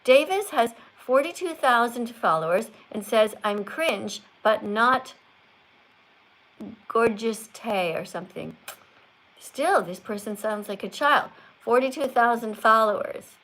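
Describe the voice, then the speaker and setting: A woman's voice: a little high, expressive, takes it slowly, fairly bright tone, rough recording. Lecturing older woman streamer. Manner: schoolteacher-like, corrective and lecturing. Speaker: livestream host. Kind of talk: live stream chat.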